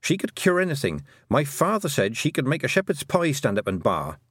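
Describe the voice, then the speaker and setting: A man's voice: mid-range voice, huge pitch swings, a little fast, fairly bright tone, breathy edge, no echo, clean studio sound, pitched above the performer's own voice, full character voice. A man voicing an earnest, stubborn young farm girl who argues her point insistently. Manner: insistent, argumentative.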